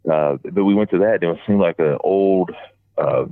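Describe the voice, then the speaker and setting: A man's voice: deep voice, moderate pace, creaky, no echo. A man on a podcast telling rambling stories about a fan event, full of restarts. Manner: rambling anecdotes with many restarts. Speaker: podcast regular recounting a fan convention trip. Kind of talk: casual phone-in storytelling. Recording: dry, tinny phone line.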